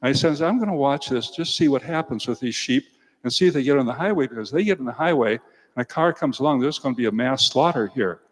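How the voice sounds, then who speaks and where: A man's voice: mid-range voice, lively intonation, fast. An older man, a priest, giving a homily in a folksy storytelling way and speaking to the children. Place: church. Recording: church hall reverb.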